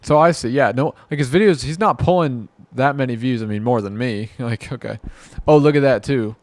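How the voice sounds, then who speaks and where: A man's voice: mid-range voice, brisk, darkish tone, no room sound. A man giving rambling, exasperated reaction commentary, muttering to himself and mocking what he watches. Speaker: commentary vlogger.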